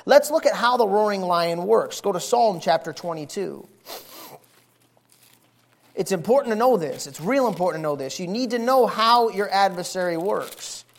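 A middle-aged man preaching a sermon, telling stories in a lively, folksy way and hammering points home with repetition. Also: high voice, normal speed, creaky. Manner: animated, folksy storytelling with emphatic repetition.

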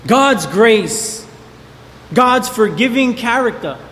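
A man's voice: very high-pitched, animated, slow pace, fairly bright tone, big-room sound. A man preaching a sermon, emphatic and repeating key words for stress. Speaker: pastor.

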